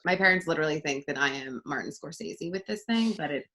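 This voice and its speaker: A woman's voice: deep voice, quick pace, sharp tone, a little hiss or hum. A young woman and voice actor in a casual interview, chatty and upbeat with many fillers, on a home studio mic. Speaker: voice actor guest.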